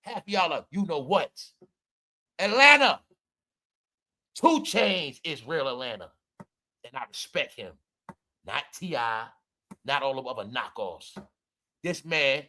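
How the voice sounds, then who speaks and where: Emphatic ranting man, bright voice. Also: medium pitch, expressive, slow, long pauses. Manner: emphatic, preachy, addresses viewers as y'all, swings loud and soft. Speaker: commentary streamer. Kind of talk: casual ranting commentary.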